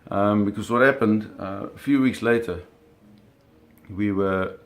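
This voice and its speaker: This storyteller, a man with a fairly low pitch, speaks a little slowly as he recalls hunting sharks in a casual anecdote. The telling is vivid and full of acted-out sounds, with frequent self-corrections and repeated words.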